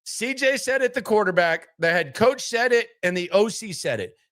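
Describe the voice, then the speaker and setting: A man hosts a live sports talk stream in a fairly high voice, pressing the same point again and again. He is emphatic, repeats himself and wanders off into rambling asides full of restarts. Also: animated, normal speed, a bit bright. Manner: emphatic and repetitive, hammering points home. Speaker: sports talk show host.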